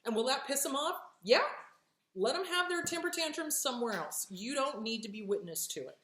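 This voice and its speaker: A woman hosts a relationship advice show, answering questions in casual, blunt talk full of emphasis and swearing. Her voice sits high and runs a little fast, and she animatedly acts out the reactions she quotes. The room has an echo.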